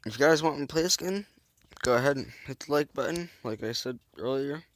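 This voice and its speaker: With a medium-pitched voice and a brisk delivery, a gameplay host rambles casually, cracks self-deprecating jokes and makes silly noises as he plays. The recording has no echo.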